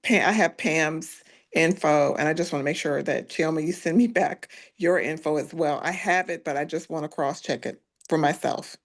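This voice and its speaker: Woman, somewhat low voice, meeting participant, video call, careful. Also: normal speed. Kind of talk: online meeting talk.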